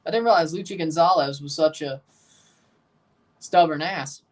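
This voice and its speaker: A man with a Southern US accent keeps up casual watchalong chatter as he reacts live to a soccer match, replying to chat and calling out the minutes. His voice is a little high at a normal speed, and the mic is well away from him.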